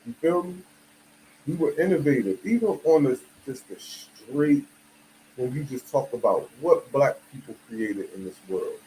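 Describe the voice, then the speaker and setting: A man's voice: medium pitch, lively intonation, a little slow, dark tone, a little hiss or hum, low-quality recording. A man from the United States giving a casual, emphatic monologue full of slang and "you feel me" asides. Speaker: video commentator.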